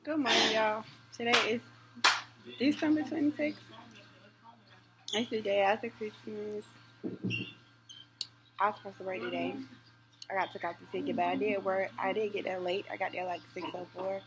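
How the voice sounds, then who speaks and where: A young woman vlogger in casual chat to camera, rambling and animated, full of slang and fillers. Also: medium pitch, normal speed, long pauses, background noise.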